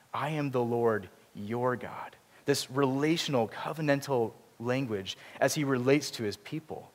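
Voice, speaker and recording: In a church sanctuary, a man delivers a sermon, explaining things earnestly and slipping in self-deprecating asides. His ordinary mid-range voice trails off into a long hall reverb.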